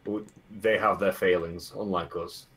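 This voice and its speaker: A man's voice: sits low, fairly even intonation, unhurried, fairly bright tone, husky, recorded from a distance, full character voice. A man voicing a stern, solemn male space marine warrior in a tabletop game.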